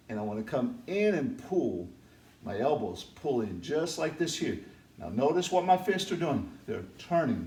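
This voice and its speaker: A man's voice: mid-range voice, darkish tone. A man teaching kids jiu-jitsu, walking through each move step by step and checking in with "all right?" along the way. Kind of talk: demonstrating technique for kids. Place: martial arts academy mat room. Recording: echoey room from far off.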